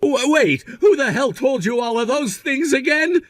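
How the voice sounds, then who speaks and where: A man's voice: extremely high pitch, animated, normal speed, a bit bright, no room sound, studio quality. A man playing a frantic, stammering cheating husband. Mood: panicked. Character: panicking cheating husband, desperate and defensive.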